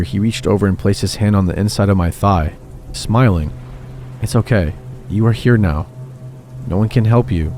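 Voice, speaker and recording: A man calmly telling horror stories in steady scripted narration. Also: fairly low pitch. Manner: calm, steady storytelling. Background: faint background music.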